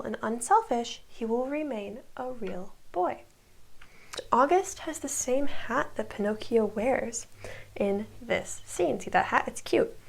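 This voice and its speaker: A woman's voice: on the high side, vocal fry, darkish tone. A woman giving a casual, chatty recap of a TV season, breezily retelling scenes and tossing asides to the viewer. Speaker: TV recap creator.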